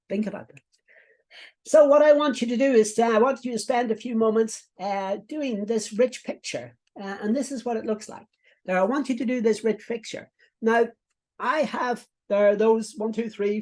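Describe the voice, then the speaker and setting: A man's voice: high-pitched, darkish tone. A middle-aged man walks viewers through a coaching lesson. He talks in a chatty, instructive way, piling up repetitions, fillers and asides. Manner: instructive, repeats himself, many fillers and asides. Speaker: business coach.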